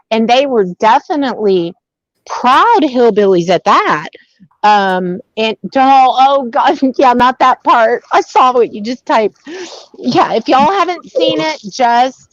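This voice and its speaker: Woman co-host, slightly high, slow drawl, dry dull audio. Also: no echo. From Texas. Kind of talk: casual chat.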